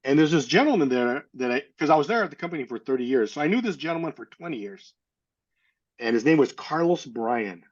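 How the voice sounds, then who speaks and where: A man's voice: a little high, animated, brisk, dull audio. Man in his sixties telling a story. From California, USA. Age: 60s. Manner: rambling retelling, acts out quoted dialogue. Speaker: interview guest. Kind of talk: casual storytelling.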